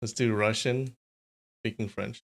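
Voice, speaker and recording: A man's voice: lowish voice, steady tone, measured pace, creaky. A man hosting a casual livestream, chatty and thinking aloud, laughing often. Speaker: streamer.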